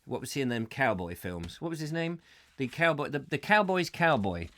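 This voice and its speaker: Man, comic live-show host, ranting, jokey asides, lively swooping voice. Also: mid-range voice, moderate pace. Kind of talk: comic ranty live chat.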